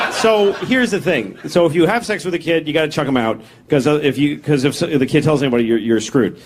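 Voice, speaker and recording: A man in his forties performing a self-deprecating, deadpan stand-up comedy set on stage. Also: fairly high pitch, fast talker, few pauses. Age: 40s. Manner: deadpan, self-deprecating, acts out bits in character voices. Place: comedy stage before a live audience. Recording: live set with loud crowd laughter.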